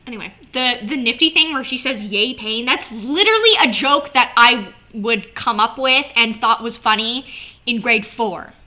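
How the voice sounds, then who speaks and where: A woman vlogger chatting casually to camera, animated and swearing, with lots of "like" fillers. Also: fairly high pitch, normal speed.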